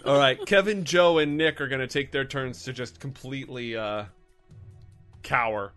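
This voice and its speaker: A man narrating as game master, playful and dramatic, with sudden bursts of shouting. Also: mid-range voice, normal speed, faint music behind.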